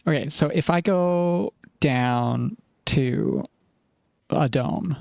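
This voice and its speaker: A man's voice: on the high side, very slow, vocal fry, darkish tone, no echo. A man live-streaming a puzzle game, thinking aloud as he works through problems and apologizing for sounding snappy. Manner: apologetic and self-aware. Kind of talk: live-stream commentary while playing.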